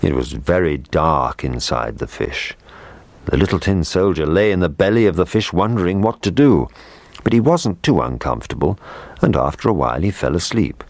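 Deep-voiced man reading a bedtime story. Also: lively intonation, moderate pace, darkish tone, no echo.

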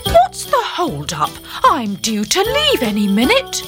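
A woman voicing an impatient, bossy old male Santa Claus in a slowly read storybook, with children's music behind. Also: huge pitch swings, heavily acted. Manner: slow, deliberate reading with lifted pitch. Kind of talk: storybook reading.

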